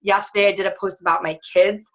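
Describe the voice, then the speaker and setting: A woman's voice: medium pitch, steady tone, fast, a bit bright, lo-fi sound. A woman fitness coach leading a casual online training webinar, chatty and upbeat with lots of filler words.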